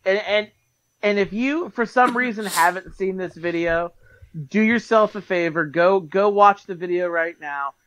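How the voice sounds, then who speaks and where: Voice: mid-range voice, unhurried, a bit bright, low-quality recording. A podcast co-host in casual chat who reacts to the story, praises it and cracks jokes. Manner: reacts with short interjections, jokey and full of praise.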